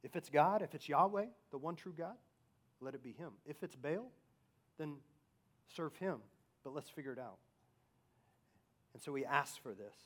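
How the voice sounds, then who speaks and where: A man delivering a sermon in a somewhat high voice. He poses rhetorical questions and moves from loud, forceful emphasis to quiet, hushed asides. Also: animated, normal speed, long pauses. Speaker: preacher.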